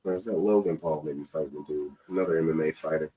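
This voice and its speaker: A man's voice: a bass voice, fast, dark tone, breathy edge. A man co-hosting a podcast in casual chat, laid-back and offhand. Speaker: podcast co-host.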